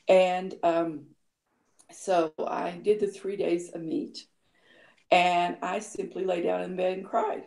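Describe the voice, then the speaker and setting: A woman's voice: fairly low pitch, level tone, measured pace, gravelly, a little mellow, roomy sound. A woman in her fifties casually telling her own story, chatty, with lots of fillers and acted-out quotes. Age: 50s. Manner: chatty, many fillers, laughs often, acts out quoted lines. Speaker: guest sharing her health story.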